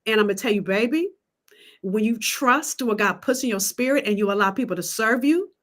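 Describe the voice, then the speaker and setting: A woman business coach pitching her coaching program on a livestream, emphatic and preacherly, calling out to the audience. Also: lively intonation, fairly quick, fairly bright tone. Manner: emphatic, testifying, calls out to the audience.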